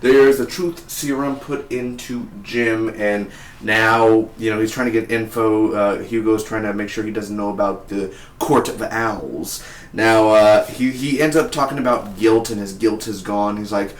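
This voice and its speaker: A man reviewing a TV episode in a rambling, excitable way, full of "man" and "like". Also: on the low side, unhurried, echoey room. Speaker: TV review vlogger.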